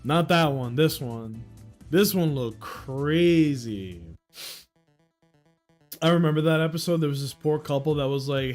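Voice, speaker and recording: A young man rambles casually on his livestream, swearing and breaking into loud outbursts. His voice sits a little high, with faint music underneath. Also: a little slow, long pauses. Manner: excitable, swearing, with sudden loud outbursts and laughs. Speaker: streamer.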